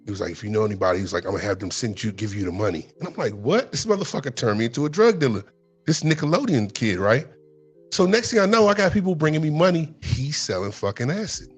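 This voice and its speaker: A man's voice: mid-range voice, animated, quick pace, husky, soft background music. A middle-aged man casually telling a rambling, profane story on a podcast, acting out the quotes in a rising voice.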